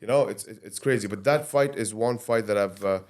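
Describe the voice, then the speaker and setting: A man hosting a casual podcast interview, soft-spoken, often trailing off and restarting his questions. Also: lowish voice, a little fast. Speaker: podcast host.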